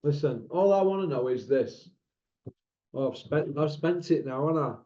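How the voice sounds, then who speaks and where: Man, blunt and mocking, slightly high voice, roomy dull-sounding recording. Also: animated, moderate pace, dark tone. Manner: blunt, mocking, rhetorical questions. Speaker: boxing channel host. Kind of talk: casual opinion monologue. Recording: echoey room, dull lo-fi sound.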